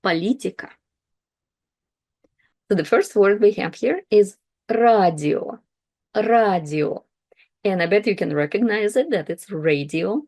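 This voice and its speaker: A woman teaching pronunciation, saying each word twice slowly and clearly before explaining it in plain words. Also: medium pitch, expressive, mellow. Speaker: language teacher. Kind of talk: slow pronunciation lesson.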